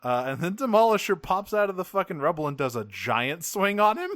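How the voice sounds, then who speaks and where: Sitting high in pitch with no room sound, this male co-host swears freely while recapping a cartoon episode on a podcast. The chat is casual and animated, and he keeps voicing the characters' lines in quick impressions.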